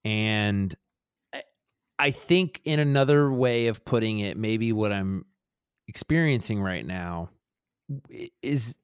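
Lowish guy rambling through his thoughts on a podcast, dry mic. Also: slow pace, pauses often, clean tone, no echo. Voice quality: rambling, self-reflective, many restarts. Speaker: podcast co-host. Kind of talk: casual chat.

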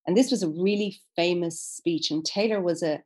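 A woman speaking as an interview guest about literature, thoughtful and enthusiastic, often pausing to search for words. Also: lowish voice, darkish tone, slightly rough. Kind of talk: conversational interview.

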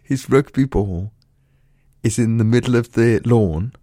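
A man, co-hosting a podcast, telling a funny story in an animated way and laughing often. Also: mid-range voice, a little slow, dry recording, studio quality. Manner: animated, laughing through stories, acts out voices. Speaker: podcast co-host. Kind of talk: casual storytelling chat.

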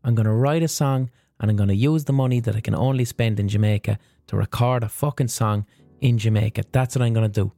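A man's voice: medium pitch, quick pace, dark tone, dry recording, studio quality, natural voice. A man voicing a frustrated, defiant woman who swears emphatically in quoted lines. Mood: determined.

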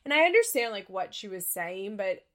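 A woman's voice: mid-range voice, big pitch swings, normal speed, fairly bright tone. A young woman hosting a podcast, chatting candidly about a reality show and swearing freely. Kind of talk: casual chat recapping a reality show.

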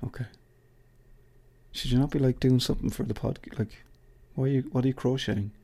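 Gravelly Irish man rambling on his podcast. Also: medium pitch, steady tone, fairly quick, mellow. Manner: rambling, swearing, jokey asides to an imagined colleague. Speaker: podcast host. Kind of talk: casual solo podcast outro.

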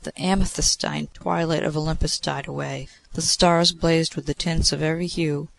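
A man narrates a classic story in a measured, expressive way. His voice sits a little high and carries a gravelly rasp. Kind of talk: reading a classic story aloud.

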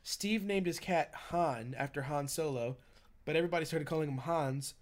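A man's voice: fairly high pitch, moderate pace. A man co-hosting a podcast in casual comedic chat, laughing often and trailing off into restarts. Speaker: podcast co-host.

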